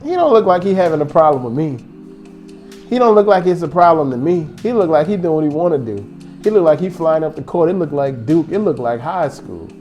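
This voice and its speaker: A man's voice: fairly high pitch, fairly quick, faint music behind. A man hosting a casual basketball fan show, rambling and joking as he goes. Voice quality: animated, rambling, joking banter. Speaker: sports vlog host.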